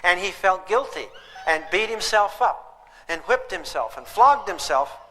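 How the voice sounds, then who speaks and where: A man's voice: high voice, expressive, a little slow, bright, forceful tone, in a large hall, poor audio. A man teaching a parenting class to a live audience, emphatic and throwing questions at them.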